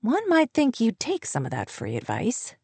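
Audiobook romance hero: woman voicing a soft-spoken rancher, close and dry. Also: on the high side, wildly swooping pitch, normal speed, husky, no room sound, full character voice. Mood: muttering. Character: adult man, teasing and tender rancher.

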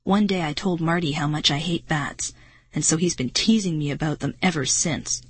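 A woman's voice: low voice, moderate pace, husky, no room sound. A woman narrating a first-person children's adventure story in a suspenseful, dramatic reading voice. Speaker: audiobook narrator.

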